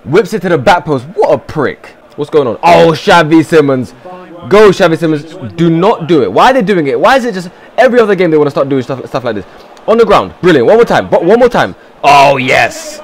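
A man's voice: fairly high pitch, fairly quick. A man streaming a football management game, cheering his players on and answering his own mock press conference as the manager. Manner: animated, shouts encouragement at players. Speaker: gaming streamer. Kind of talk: excited gameplay commentary.

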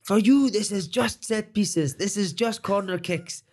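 A man voicing his former football manager, a demanding, intense middle-aged man speaking in earnest, halting English. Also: high voice, pitched above the performer's own voice.

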